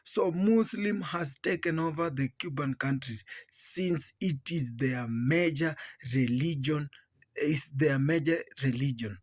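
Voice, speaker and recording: Slow, husky man doing reaction commentary. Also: on the high side, dry recording. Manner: halting, restarts and repeats words. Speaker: reaction channel host.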